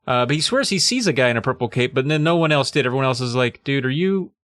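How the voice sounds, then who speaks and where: A man's voice: mid-range voice, animated, racing, a bit bright, dry recording, clean studio sound. Laid-back man recapping a story. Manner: laughing, jokey, slips into silly voices. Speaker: podcast co-host. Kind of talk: casual chat, retelling a story.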